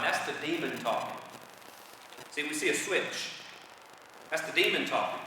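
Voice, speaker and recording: A man preaching a sermon, earnest, repeating phrases and slowing down for emphasis. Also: medium pitch, steady tone, pushed and bright, a little hiss or hum. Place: church hall. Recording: echoey hall from far off.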